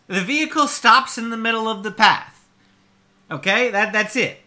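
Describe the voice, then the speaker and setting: Male vlog host, bright forceful tone, chatty, exasperated commentary on reviews. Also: high-pitched, normal speed. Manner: exasperated, explaining at length; chatty with frequent fillers. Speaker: host of a theme park channel. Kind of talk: casual review reaction commentary.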